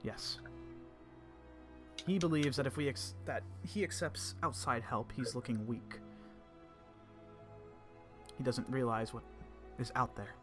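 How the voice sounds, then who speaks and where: A man voicing a composed male human commander who speaks in a measured, polite, reserved way. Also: mid-range voice, music in the background, lightly acted. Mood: earnest.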